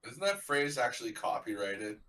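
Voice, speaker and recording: A man hosting a casual live hockey reaction stream, chatty and quick with asides, explaining the lingo. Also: mid-range voice, sing-song, bright, forceful tone. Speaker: stream host.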